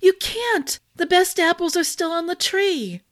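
A woman voicing a young princess who speaks high and breathless, eager to please. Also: lively intonation, measured pace, fairly bright tone, exaggerated voice. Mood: desperate.

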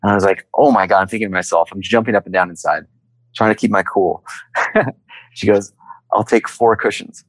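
This interview guest, an entrepreneur, narrates his own story in an easy conversational style, bringing quoted people to life with voices. He speaks at a fairly low pitch and a little fast. There's no room sound, and the audio quality is poor.

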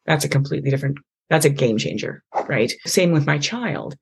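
A woman's voice: deep voice, animated, fairly quick, gravelly, slight background noise. A middle-aged woman hosting a podcast, talking earnestly about faith and parenting with many restarts and tag questions. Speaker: podcast host. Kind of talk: conversational advice on faith and parenting.

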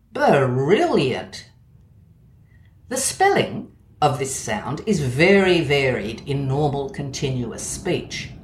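A woman with an Australian accent reading a measured, gently wry scripted essay about language. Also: fairly low pitch. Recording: roomy echo.

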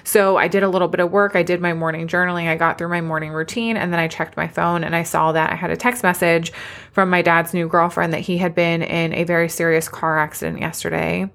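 A woman's voice: lowish voice, fairly even intonation, fairly quick, vocal fry, fairly bright tone. A woman hosting a solo podcast as a business coach, talking candidly and emotionally, tearful at times. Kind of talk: personal solo podcast talk.

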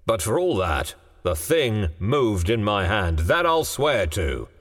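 A man doing a slow, stubborn old father. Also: on the low side, very animated, heavily acted. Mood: insistent. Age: older. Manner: slow and heavy, halting. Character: slow, stubborn elderly father, gently dazed. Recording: long hall reverb, faint music.

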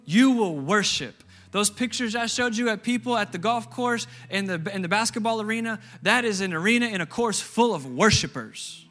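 A man's voice: sits high, lively intonation, moderate pace, hardly any pauses, fairly bright tone, soft background music. A man pastor preaching a sermon, emphatic and repeating key phrases for stress.

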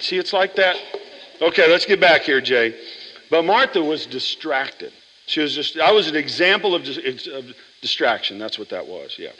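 A man pastor preaches to his congregation with a bright, ringing voice a little higher than most men's. He talks in an animated, chatty way and keeps checking in with the room. The sound carries a long church-hall reverb. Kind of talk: sermon. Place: church sanctuary.

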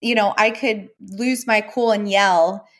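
A woman with a mid-range voice hosts a podcast interview. She talks in a relaxed, conversational way and laughs easily. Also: mid-range voice, slow. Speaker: podcast host, mother.

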